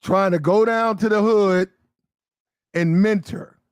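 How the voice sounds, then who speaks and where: High-voiced man spinning a commentary story. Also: takes it slowly, clean tone, no echo. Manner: animated, vivid storytelling with slang.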